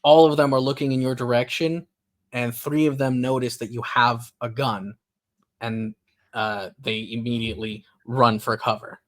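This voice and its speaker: A man's voice: medium pitch, steady tone, normal speed. A man narrating as game master for a tabletop role-playing game, talking loosely with frequent fillers and restarts.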